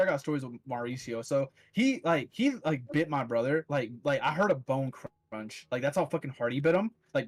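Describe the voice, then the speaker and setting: A young man in casual chat, telling rowdy stories with lots of swearing and acted-out quotes. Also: on the high side. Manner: animated storyteller, swears a lot, acts out quotes.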